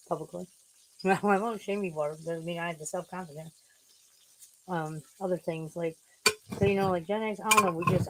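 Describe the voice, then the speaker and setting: A woman's voice: lowish voice, very noisy. A woman in her forties or fifties chatting casually on a livestream, swearing freely and laughing at herself. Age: 40s or 50s. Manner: chatty, swears a lot, scolds her cats fondly. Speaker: streamer.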